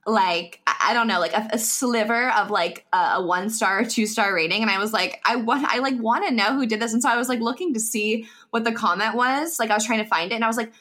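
A woman's voice: a little high, quick pace, few pauses, sharp tone. A woman hosting a podcast, chatty and casual, with plenty of filler words. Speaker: podcast host.

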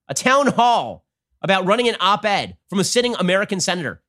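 A man hosting a political commentary show, talking in a rapid-fire, sarcastic and combative way. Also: sits high, sing-song, sharp tone. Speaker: show host.

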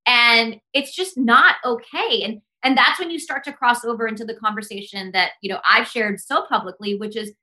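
Bright, impassioned young woman on a podcast. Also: mid-range voice, a little fast, few pauses. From United States. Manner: impassioned, earnest, heavy use of "like". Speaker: podcast guest. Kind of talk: casual podcast conversation.

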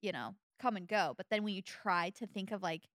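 A young adult woman with a Valley Girl accent and natural vocal fry, chatting casually as a podcast co-host in a rambling, filler-heavy way. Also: medium pitch, fairly quick, fairly bright tone, no echo, studio quality. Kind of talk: casual chat.

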